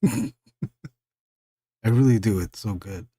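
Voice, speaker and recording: A man hosts a live stream in an easygoing, rambling way, often trailing off into fillers and breaking into laughter. His voice sits low and mellow. The sound is dry and close. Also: slow, no room sound. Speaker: live stream host and illustrator. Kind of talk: casual live stream chat.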